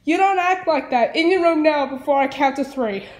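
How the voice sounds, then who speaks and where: A woman's voice: high voice, moderate pace, roomy sound, close to an everyday voice. A woman playing an exasperated mother who firmly scolds her child and gives orders. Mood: scolding. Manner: firm, scolding, giving orders. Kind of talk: fan parody voice acting.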